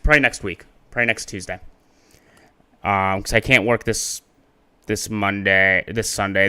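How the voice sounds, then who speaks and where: A man's voice: on the low side, bright, forceful tone, smooth. A man narrating a story on a live stream in a chatty way, restarting lines after he flubs them.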